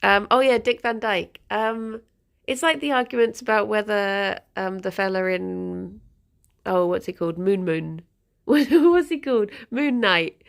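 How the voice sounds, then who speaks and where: A woman's voice: mid-range voice, creaky. A woman streamer chatting casually with her viewers, rambling and giggling often. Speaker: livestreamer.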